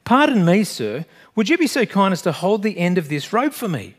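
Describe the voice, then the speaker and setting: A man's voice: very animated, moderate pace, breathy edge, exaggerated voice. A man voicing a desperate stranger hanging from a rope, who pleads and guilt-trips in a raised voice. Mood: polite. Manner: pleading, shrill when upset.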